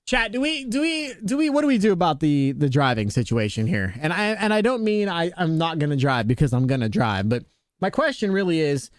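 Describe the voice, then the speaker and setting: A young man chats casually with his stream viewers while gaming, relaxed and jokey, his voice jumping up when he teases. His voice sits a little high for a man. The sound is dry and close to the mic. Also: fairly quick, no room sound. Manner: laid-back, jokey, talks to chat, playful pitch jumps on jokes.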